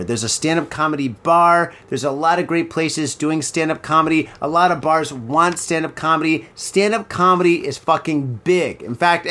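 A man's voice: a little high, a bit bright. A man hosting a casual comedy podcast, chatty and rambling, swearing freely. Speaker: podcast host. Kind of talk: casual chat.

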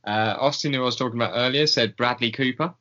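This podcast co-host is a man who talks fast in a mid-range voice with a bright, forceful tone. He rambles through the casual chat, hesitating with many ums and chuckling. The recording is dull and lo-fi.

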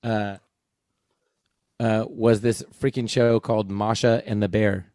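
Animated man telling stories, dry sound. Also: slow pace, smooth, no echo. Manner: animated storyteller, jumps high when quoting others. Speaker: podcast co-host. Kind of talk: casual chat.

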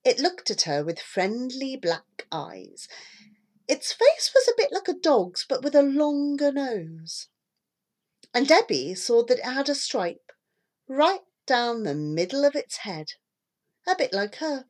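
A woman reads a children's storybook aloud at an unhurried pace, her voice rising and falling a great deal. It sits a little high, and she gives every sentence expressive colour. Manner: expressive, lively read-aloud delivery.

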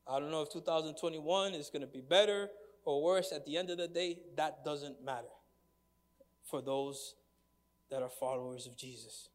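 A man's voice: on the high side, moderate pace, in a large hall. A man preaching a sermon in a conversational way, asking the congregation questions and reading from scripture. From United States. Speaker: pastor.

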